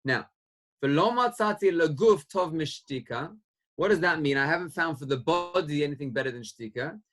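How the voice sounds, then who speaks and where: A man, a rabbi, giving a Torah lecture in a lively, questioning way, sprinkling in Hebrew terms. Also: on the high side, moderate pace, soft background music. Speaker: rabbi teaching a class.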